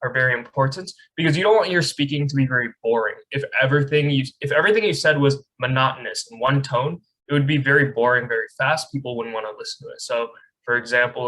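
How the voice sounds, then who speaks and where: A man's voice: medium pitch, brisk, pushed and bright, rough recording. A young man teaching a speech class over a video call, conversational, often checking in with "right?". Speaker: speech camp instructor. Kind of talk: online lecture. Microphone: webcam on a video call.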